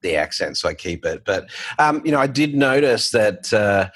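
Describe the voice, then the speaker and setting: Husky Australian man, low voice. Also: very animated, moderate pace, fairly bright tone, no room sound. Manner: rambling, restarts and fillers, storytelling. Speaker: guest, bank founder. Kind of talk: conversational interview.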